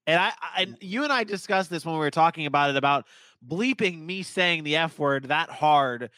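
A man from Florida co-hosting a sports podcast, rambling and self-deprecating, with halting restarts. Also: a little high, lively intonation, sharp tone, smooth, no room sound. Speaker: podcast co-host. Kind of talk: casual sports podcast banter.

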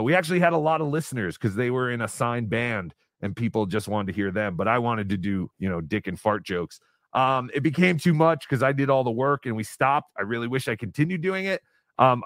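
A man's voice: medium pitch, fairly bright tone, no room sound, studio quality. A man hosting a casual live-stream podcast, rambling with lots of fillers. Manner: rambling, hesitant, with many fillers. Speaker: podcast host.

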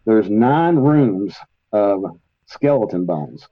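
A man with a lowish voice rambles through travel stories, full of fillers and asides. His voice has a dull, lo-fi sound and is recorded dry and close. He talks like a casual guest on a podcast about the paranormal. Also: takes it slowly, dry recording. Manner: rambling, animated storyteller with many fillers. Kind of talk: casual storytelling in a podcast interview.

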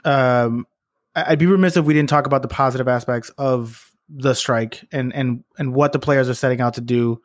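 A man's voice: medium pitch, steady tone, dry recording. Hesitant man in dry sports talk. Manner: measured, hesitant, many fillers. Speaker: podcast co-host.

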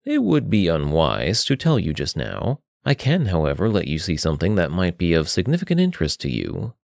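A man voicing a calm, knowing young man in an audio story, speaking in a composed, measured way. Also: deep voice, vocal fry, dry recording, studio quality, pitched below the performer's own voice, exaggerated voice.

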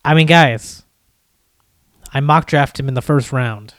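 A man's voice: medium pitch, measured pace, fairly bright tone, no echo. A man co-hosting a podcast, joking and bantering playfully. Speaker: podcast co-host. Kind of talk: casual fantasy football chat.

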